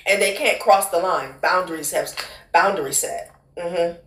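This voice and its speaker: A woman's voice: on the low side, moderate pace, a bit bright. A woman doing a casual tarot reading, blunt and profane, who calls the listener honey and child. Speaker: tarot card reader. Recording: echoey room.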